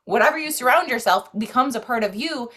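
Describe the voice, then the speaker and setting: In a casual, earnest podcast conversation about self-care and spirituality, a guest speaks quickly in a fairly high, expressive, fairly bright voice. She rambles, leaning on lots of "like"s and restarting often.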